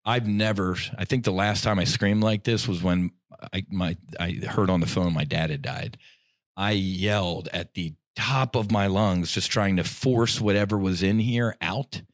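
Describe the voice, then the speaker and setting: A middle-aged man telling a personal story in casual podcast talk. He is animated and slangy, and his voice swings between loud bursts and hushed asides. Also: low-pitched, unhurried, dry recording, clean studio sound. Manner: slangy, says "dude" and "I'm like". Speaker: podcast guest.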